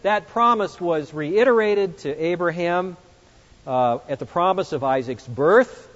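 High-voiced preacher in a reverberant hall. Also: male voice, measured pace. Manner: emphatic, swings between loud exclamations and hushed reflective passages. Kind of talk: expository sermon. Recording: muffled sound with long hall reverb.

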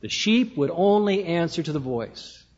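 High-voiced preacher in a reverberant hall. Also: male voice, big pitch swings, a little mellow. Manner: measured preaching, slows to stress key words. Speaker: pastor. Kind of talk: sermon. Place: church sanctuary. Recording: dull lo-fi sound with long hall reverb.

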